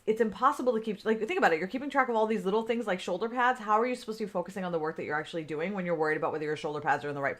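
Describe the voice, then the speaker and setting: A woman in her forties, a business coach, talking off the cuff on a livestream, chatty, with lots of fillers, greeting viewers by name. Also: medium pitch. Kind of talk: unscripted livestream talk.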